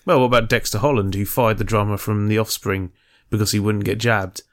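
A man's voice: lowish voice, fairly even intonation, brisk. A man co-hosting a casual podcast, dry and sardonic, reeling off film and music trivia.

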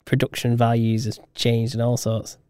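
A man's voice: mid-range voice, completely flat delivery, normal speed, darkish tone, smooth, no room sound, clean studio sound. Laid-back man co-hosting a podcast. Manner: laid-back, chuckling often. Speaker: podcast co-host. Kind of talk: casual podcast chat.

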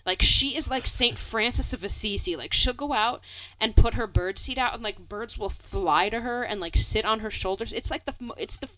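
A woman's voice: a little high, moderate pace, dry recording, low-quality recording. A young woman telling a rambling story in casual chat, full of "like" fillers, laughing and swearing now and then. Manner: animated, many "like" fillers, swears, laughs often.

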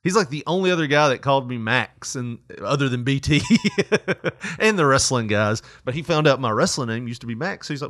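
A man's voice: mid-range voice, lively intonation, fairly quick, a bit bright, dry recording, clean studio sound. A young man telling a work story in casual chat, laughing often and acting out quotes. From Tennessee.

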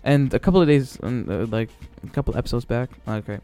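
A man's voice: medium pitch, quick pace, warm tone. A man hosting his own solo podcast, rambling casually and swearing, with many fillers and restarts. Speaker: podcast host. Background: faint background music.

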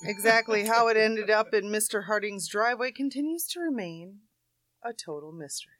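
A woman's voice: mid-range voice, moderate pace, a bit bright, no echo, studio quality. A woman co-hosting a comic show, reading out odd news items. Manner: reads quirky stories, laughs along. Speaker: co-host. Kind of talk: reading news stories aloud.

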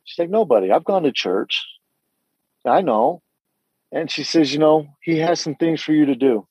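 A middle-aged man tells his own story with quiet earnestness, stumbling and restarting as he acts out the voices of others. His voice is mellow and dark, recorded close and dry with a slightly muffled, lo-fi sound. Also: a little high, expressive, slightly rough, no echo. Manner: earnest, halting storytelling with many restarts and acted-out dialogue. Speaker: guest telling his story. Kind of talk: candid personal testimony.

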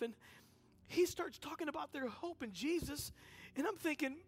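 Guy with a high voice preaching in church, telling a story all animated and chatty. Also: normal speed. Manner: energetic and conversational, acts out dialogue in the story. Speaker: guest speaker at a church service. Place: church sanctuary.

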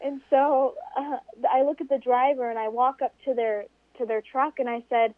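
A woman guest recounting a desert race story, animated and acting out the voices of people she quotes. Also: moderate pace, no echo. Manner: animated, acts out quoted voices with big pitch jumps. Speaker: interview guest, desert racer. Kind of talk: storytelling in conversation. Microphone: phone. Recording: tinny phone line.

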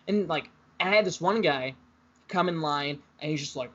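A man's voice: high-pitched, fast talker, fairly bright tone. Rambling man with a dull lo-fi sound. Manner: rambling storyteller, laughs often. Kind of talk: casual chat.

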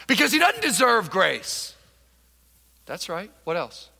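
A male pastor delivers a lively sermon in a big church hall, his fairly high, bright voice swinging widely in pitch as he acts out characters and crowds. The long reverb of the room trails after his lines. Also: measured pace, vocal fry, husky.

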